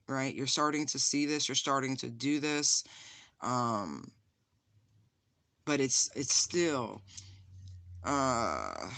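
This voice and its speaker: A tarot reader talks straight to the camera in a chatty, loose way, full of ums and likes. The voice is bright and forceful, and the sound is dry and close with no room echo. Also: medium pitch. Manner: chatty and direct, many fillers, addresses viewers as honey; holding and showing a stone on camera. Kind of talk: casual spiritual card reading to viewers.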